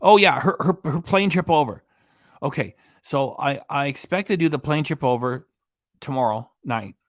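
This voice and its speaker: A man's voice: fairly high pitch, lively intonation, moderate pace, no room sound. Mocking male live-stream host, dry sound. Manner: mocking, laughs often. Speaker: reaction channel host. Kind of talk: casual live-stream commentary.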